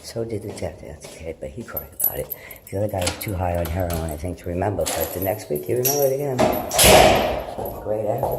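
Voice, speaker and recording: A middle-aged woman vlogging, telling rambling personal stories in a blunt, profane manner that swings between loud and hushed. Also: extremely low pitch, expressive, fairly quick, heavy background noise.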